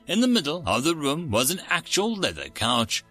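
A man narrates a first-person story with a wry, sardonic edge. His pitch sits a bit high and moves around a lot, and the tone is bright. Faint music plays underneath. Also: huge pitch swings, normal speed.

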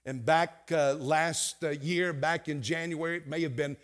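Middle-aged man, preaching a sermon, higher-pitched voice, hushed-to-loud swings. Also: steady tone, a little slow. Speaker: pastor.

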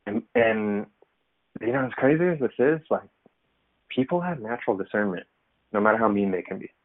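A man's voice: medium pitch, lively intonation, normal speed, dry recording. A man preaching a casual, conversational sermon, loose and self-deprecating, with lots of fillers. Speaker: pastor. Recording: tinny phone-like dry sound.

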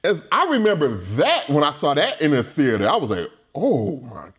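A man in casual film talk, animated and quick to laugh, acting out scenes as he goes. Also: fairly high pitch. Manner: animated, laughing, says "you know what I'm saying".

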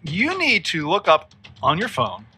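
A man's voice: a little high, huge pitch swings, measured pace, pushed and bright, breathy edge. A man co-hosting a casual podcast who laughs often and reads aloud eagerly. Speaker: podcast co-host.

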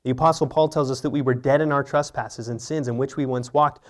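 A man's voice: medium pitch, fairly even intonation, brisk. A man preaching an earnest, teaching sermon, often asking rhetorical questions. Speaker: pastor.

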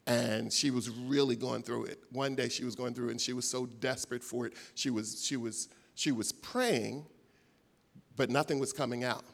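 Man preaching with wide loudness swings. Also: fairly even intonation, normal speed, gravelly. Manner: storytelling with big swings in loudness and pitch; conversational, many fillers. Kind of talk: sermon.

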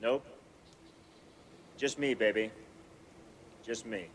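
A man's voice: on the low side, slow pace. An actor playing a brash, cocky male action hero in a swaggering, boastful film scene, heard as a clip played back from a distance.

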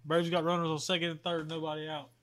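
Guy talking real slow, high bright voice, laid-back podcast chat. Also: level tone. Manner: drawling, slow-talking, laughs at himself. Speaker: podcast co-host. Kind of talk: casual chat.

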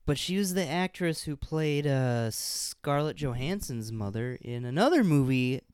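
A man's voice: a little high, lively intonation, a little slow, darkish tone, smooth, dry recording, clean studio sound. A man co-hosting a casual movie podcast, reacting to his partner and adding details from the film. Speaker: podcast co-host.

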